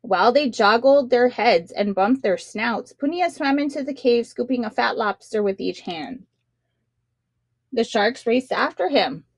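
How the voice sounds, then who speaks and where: A woman reading a children's picture book aloud as narrator, with expressive, dramatic emphasis. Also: on the high side, unhurried, no room sound.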